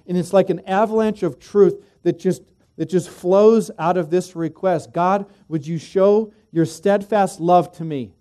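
A middle-aged man, a pastor, preaching a sermon, emphatic in places and dropping to quiet, chatty asides in others. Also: a little high.

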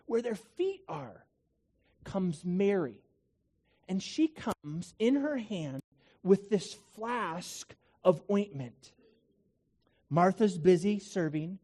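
A man delivers a sermon in a mellow, warm voice. He preaches conversationally, asking the congregation rhetorical questions and tossing in casual asides. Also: sits high. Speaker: pastor.

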